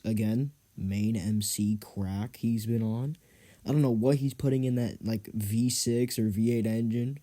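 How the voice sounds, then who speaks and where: A young man narrates toy car races as a channel host, cracking jokes in casual slang. His tone is warm and mellow, but his pitch swings widely, especially when he puts on his hyped announcer voice. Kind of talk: playful race commentary over toy car videos.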